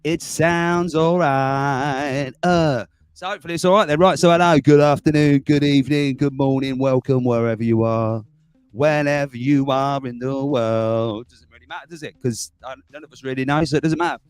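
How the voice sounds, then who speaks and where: Streaming live from home, a middle-aged male host rambles casually, laughs frequently and welcomes viewers from the chat by name. He has a clean-toned, medium-pitched voice at a moderate pace, and faint music plays behind him.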